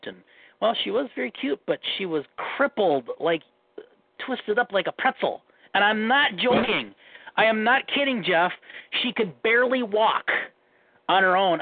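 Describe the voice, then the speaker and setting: A man's voice: high voice, dry recording. A man with a Minnesota accent telling long stories in casual chat, restarting and repeating himself as he rambles. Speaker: guest telling dating stories. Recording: tinny phone line, dry.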